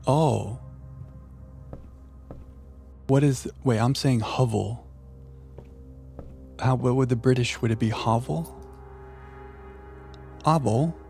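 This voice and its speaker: A man streaming a puzzle game live, chatting playfully with viewers and thinking out loud. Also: medium pitch, slow pace, gravelly, long pauses, faint music behind. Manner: playful, chatting to viewers while musing aloud. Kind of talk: live gameplay commentary.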